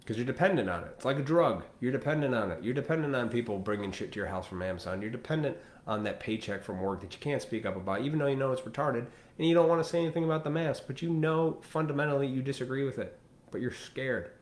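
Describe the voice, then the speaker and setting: A man's voice: mid-range voice, quick pace, roomy sound. A man hosting a live stream, delivering a blunt, profane, preachy rant straight to his viewers. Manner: blunt, profane, preachy, mimics people in quoted asides.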